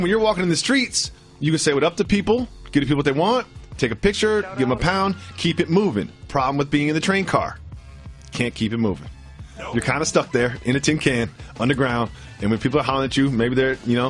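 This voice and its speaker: A man co-hosting a podcast with quick, joking banter. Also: medium pitch, expressive, soft background music. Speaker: podcast co-host.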